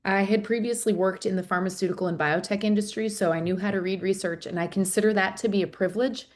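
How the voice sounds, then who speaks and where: A woman's voice: medium pitch, steady tone, fast talker. A woman in her forties, a podcast guest, explaining earnestly in a conversational interview with frequent fillers.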